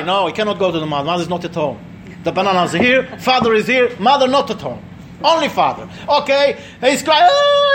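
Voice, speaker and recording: Here a rabbi or teacher in middle age runs a religious class in a chatty way, weaving in stories, putting questions to the group and doing character voices. The voice is high-pitched and a bit bright, with slight background noise.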